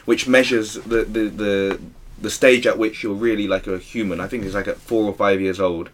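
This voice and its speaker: A man co-hosting a casual podcast, rambling quickly and swearing freely. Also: lowish voice, steady tone, a little hiss or hum. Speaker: podcast co-host. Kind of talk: casual chat.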